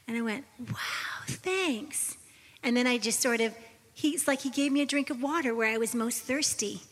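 A woman sharing a personal testimony on a Christian talk show, earnest and confessional, at times dropping to a soft whisper. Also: fairly high pitch, steady tone, brisk, big-room sound.

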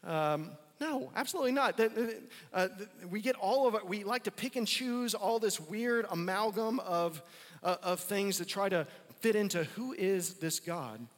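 A man's voice: high-pitched, moderate pace, long reverb tail. A man preaching a sermon as a pastor, casual and conversational, repeating phrases for emphasis.

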